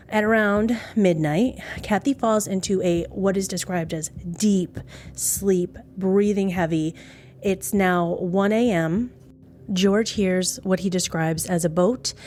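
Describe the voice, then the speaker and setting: A woman's voice: mid-range voice, darkish tone, slight background noise. A woman hosting a podcast, telling a true crime story in a casual, chatty way, skeptical and acting out the quotes with jumps in her voice. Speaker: podcast host.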